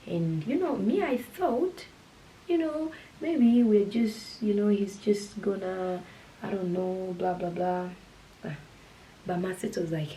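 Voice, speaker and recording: A young woman tells her story in a casual vlog, chatty and animated. She often drops her voice to a hushed whisper. A light hiss sits under the recording. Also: medium pitch, slow, low-quality recording. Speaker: vlogger.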